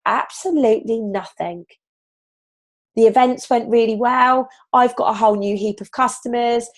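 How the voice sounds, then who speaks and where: A slightly husky woman, leading a motivational team training on a video call from home, animated and casual, with the odd swear word. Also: a little high, moderate pace. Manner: animated, swearing, upbeat pep talk. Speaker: team leader.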